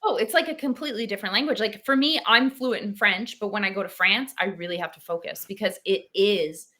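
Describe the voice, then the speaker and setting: A woman actress as a podcast guest, chatting in an animated way and laughing easily. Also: medium pitch, brisk. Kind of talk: casual interview chat.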